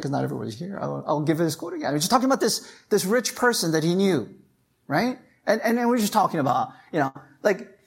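Husky pastor preaching casual-style, keeps going "right? you know?", gets louder and higher when pushing a point. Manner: rises in pitch and force when stressing a point. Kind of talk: sermon.

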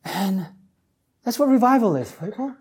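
A man preaching a sermon as pastor, repeating phrases and asking the congregation "right?", swinging from near shouts down to low, quiet lines. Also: animated, normal speed, husky.

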